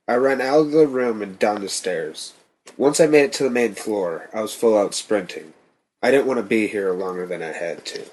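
Man, horror story narrator, husky voice, lower pitch, tense steady reading.

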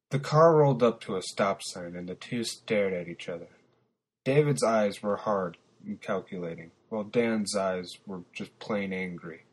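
A man's voice: fairly low pitch, normal speed, slightly rough. A man narrating his own story podcast, blunt and profane in his asides.

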